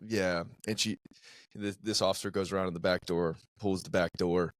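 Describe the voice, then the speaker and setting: A man with a very deep voice hosts a podcast and talks casually about police work. His speech is relaxed and unhurried, and it sounds dry and close to the mic with almost no room echo. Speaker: podcast host, police officer. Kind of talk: casual interview chat.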